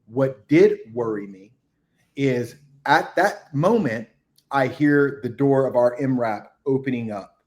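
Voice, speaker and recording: A middle-aged man, a retired military chief, telling a combat story as a podcast guest, acting out the shouted orders. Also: medium pitch, slow pace. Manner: animated war storytelling, acts out shouted quotes. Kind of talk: casual storytelling interview.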